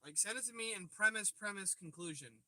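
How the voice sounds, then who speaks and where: A man's voice: sits high, expressive, brisk, sharp tone, dry recording. A man hosting a casual livestream, joking and swearing as he chats with viewers from a parked car, recorded on a phone on the dash. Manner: profane, joking banter. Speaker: livestream host. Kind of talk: casual live chat with viewers. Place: parked car by a river at night. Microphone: phone propped on the dash.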